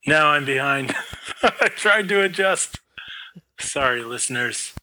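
A man's voice: a little high, expressive, slow pace, sharp tone, poor audio. A man co-hosting a podcast, chatting casually and jokingly while watching a movie with a remote partner. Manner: joking, laughs often. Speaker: podcast co-host. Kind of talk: casual movie commentary chat.

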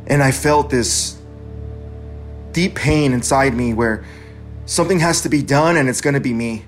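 A man's voice: mid-range voice, a little slow. Brief: earnest forties man, personal story narration, faint music underneath. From California. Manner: earnest, plain-spoken, conversational.

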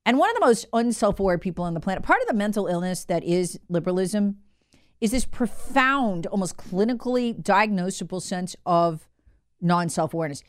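A woman's voice: mid-range voice, lively intonation, a little fast. A woman hosting a political commentary show, telling the story in a sarcastic, mocking way.

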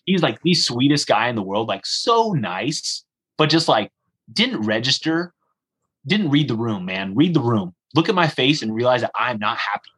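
A man's voice: mid-range voice, normal speed, husky, low-quality recording. A young man telling a travel story in a casual conversation, acting out the dialogue and using lots of "like" fillers. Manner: animated, acts out the dialogue, frequent "like" fillers.

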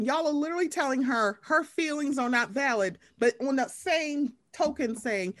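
Animated high-voiced woman ranting. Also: normal speed, hardly any pauses, no echo, clean studio sound. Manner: profane, animated, acts out quoted voices. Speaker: podcast co-host. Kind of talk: casual reality-TV recap chat.

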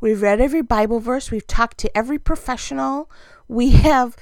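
Chatty high-voiced woman. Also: normal speed, dry recording. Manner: chatty and self-deprecating, frequent laughs. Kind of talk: casual storytelling monologue.

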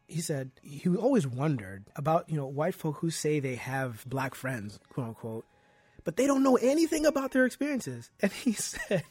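Man, husky voice, fairly high, earnest storytelling, dry sound, faint music behind. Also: a little mellow, no echo. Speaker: podcast guest. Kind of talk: casual conversation.

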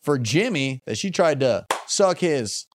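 A man's voice: on the high side, sing-song, unhurried, noisy background. A young man co-hosting a podcast, telling crude stories with a wry, jokey manner. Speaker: podcast co-host and comedian. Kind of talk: casual chat, storytelling.

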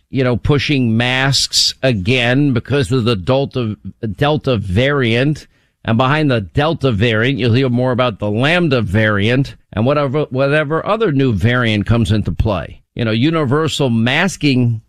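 A male talk radio host speaking into a close studio microphone, brisk and emphatic in his delivery. His voice sits at a middle pitch and comes across dry and close, with no room sound behind it. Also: dry recording. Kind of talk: opinionated talk radio commentary.

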